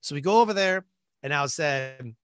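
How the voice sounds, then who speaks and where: A man guest on a podcast, telling a personal story in an animated way and acting out the voices of people in it. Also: on the high side, moderate pace, clear, resonant tone, dry recording. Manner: animated, acts out voices in his stories, many fillers like "like".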